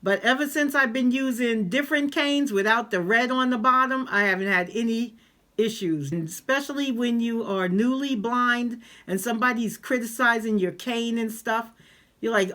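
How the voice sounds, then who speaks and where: A woman vlogger shares a personal story casually and with animation, acting out the voices of the people she quotes. Her voice sits a little high, and she speaks at a moderate pace.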